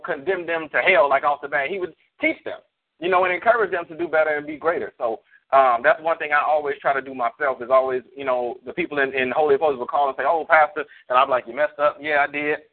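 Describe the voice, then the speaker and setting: A man who is a pastor, hosting a call-in radio show with lively, joking banter. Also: on the high side, fast, creaky. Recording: tinny phone-like line.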